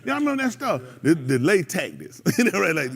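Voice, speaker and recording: A man's voice: a little high, brisk, creaky, breathy edge, faint music behind. A man, hosting a radio show and preaching casually to a group in an exhorting way. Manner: animated, exhorting, breaks into laughter and mimicry.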